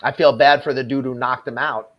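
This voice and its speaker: A man talks casually and bluntly as he reacts to video clips, now and then laughing at what he sees. His voice sits in an ordinary middle pitch, relaxed and conversational. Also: a little fast, dry recording, lo-fi sound.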